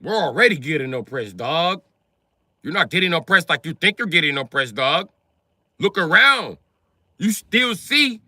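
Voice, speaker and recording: Streamer man, lively profane rant, bright cutting tone, comic commentary. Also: on the high side, normal speed, dry recording. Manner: loud, profane, animated ranting. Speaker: live streamer commenting on a video.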